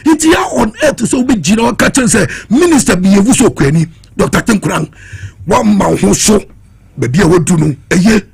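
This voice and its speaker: A Ghanaian man with a high, very raspy and gravelly voice, making an impassioned, challenging point in heated political commentary. His pitch swings widely as he switches between Twi and English. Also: expressive, a little fast, a little mellow.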